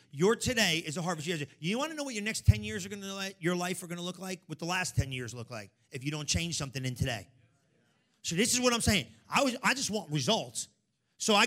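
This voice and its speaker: A man preaches to his church with a high, ringing voice. He calls out to the congregation and drops to a hush before rising back into loud, sing-song exhortation. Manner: call-and-response preaching, swings from hushed to shouting. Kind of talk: energetic sermon.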